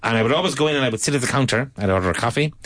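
Male English teacher from Ireland, chatty storyteller, mimics accents, mid-range pitch. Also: lively intonation, rapid-fire, a bit bright. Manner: anecdotal, imitates accents often. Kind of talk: conversational English lesson.

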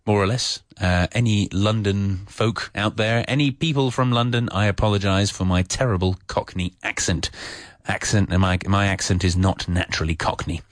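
A man's voice: lowish voice, steady tone, moderate pace, dry recording, studio quality. A man teaching English on the radio, talking off the cuff with many fillers and restarts. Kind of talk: unscripted radio English lesson.

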